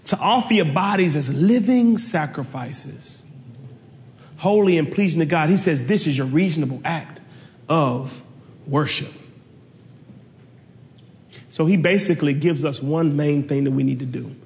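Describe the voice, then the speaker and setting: Preacher guy, kinda high voice, super animated storytelling, big hall echo. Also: unhurried, pauses often. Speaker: pastor. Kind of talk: sermon. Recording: long hall reverb.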